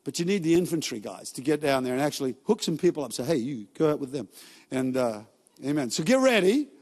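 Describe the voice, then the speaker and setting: A male pastor giving a sermon in a church, telling stories in a casual, joking way with quick asides. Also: on the high side, sing-song, darkish tone. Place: large church hall. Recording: long reverb from a church hall.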